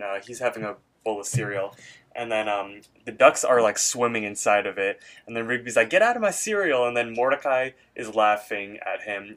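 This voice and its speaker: A man with a lowish, somewhat bright voice co-hosts a casual podcast. He recaps a cartoon episode in a rambling way packed with fillers, acting out the characters' lines.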